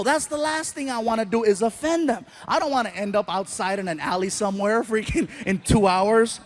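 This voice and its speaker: A man performing stand-up, telling an animated, self-deprecating story with quick asides. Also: very high voice, background noise. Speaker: stand-up comedian.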